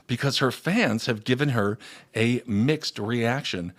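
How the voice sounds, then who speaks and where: A man's voice: medium pitch, a little slow. A man co-hosting a comedy news podcast, joking in a theatrical way as he talks through the week's stories. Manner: joking, theatrical, often puts on voices when reading quotes. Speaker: podcast co-host. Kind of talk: casual comedic news chat.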